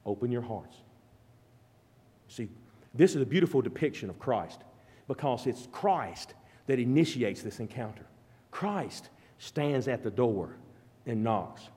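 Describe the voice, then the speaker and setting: A man preaching a sermon, rising to loud, fervent peaks and dropping to quiet, low passages. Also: animated, measured pace, long pauses, big-room sound. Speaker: pastor.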